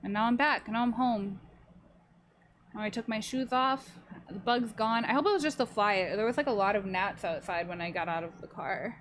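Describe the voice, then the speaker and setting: A woman's voice: mid-range voice, moderate pace, slight background noise. A woman in her early twenties, a streamer rambling through a story to her chat and swearing freely as she goes. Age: early 20s. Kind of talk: casual live-stream chat. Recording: voice over loud background music. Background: music playing under the talk.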